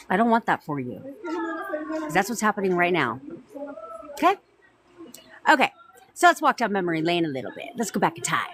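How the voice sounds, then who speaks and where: A woman's voice: mid-range voice, fairly bright tone. A woman coaching her viewers on a live stream, blunt and profane, repeating herself for emphasis. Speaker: manifestation coach. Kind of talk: TikTok live talk.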